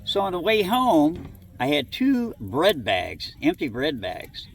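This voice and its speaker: This middle-aged interviewee from southwest Ohio, USA, speaks slowly in a high voice full of huge pitch swings and vocal fry. Recounting childhood encounters, he rambles in a folksy manner and performs bits of dialogue. The microphone is distant and picks up faint background noise.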